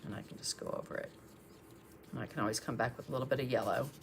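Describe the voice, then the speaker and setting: A woman's voice: very deep voice, very fast, gravelly, slight background noise. A woman art instructor chatting through a live painting tutorial, thinking aloud as she works and thanking viewers for their comments.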